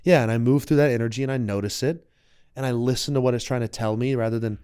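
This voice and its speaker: A man's voice: mid-range voice, fast talker, dark tone, clean tone, no room sound, clean studio sound. A young adult man, a wellness coach and content creator, talking reflectively as a podcast guest and acting out quoted voices. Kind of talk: casual podcast conversation.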